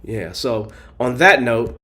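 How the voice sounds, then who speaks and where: Hoarse man coaching on a live show. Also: medium pitch, lively intonation, slow, sharp tone. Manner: friendly, encouraging, coaching. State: hoarse, clearing his throat. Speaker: host and agile coach. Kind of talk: casual live show chat.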